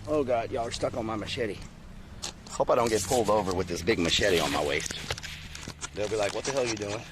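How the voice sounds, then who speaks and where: A man's voice: lowish voice, brisk, noisy background. A man streaming live outdoors near water, chatting casually with his viewers.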